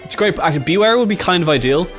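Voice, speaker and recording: An Irish man giving casual, excitable gameplay commentary, swearing freely and thinking aloud as he plays. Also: sits high, rapid-fire, faint music behind. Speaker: gaming YouTuber.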